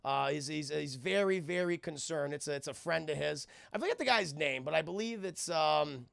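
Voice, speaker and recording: A man's voice: a little high, moderate pace, gravelly, a bit bright, clean tone, dry recording, studio quality. A young man casually recapping a cartoon for his stream chat, rambling and swearing. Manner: rambling, profane, addresses chat constantly.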